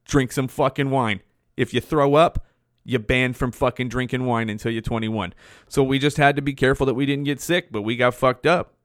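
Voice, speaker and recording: A man's voice: medium pitch, normal speed, no echo. Male podcast host, forties, loose cursing storyteller, dry mic. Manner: profane, rambling, animated. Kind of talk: casual storytelling.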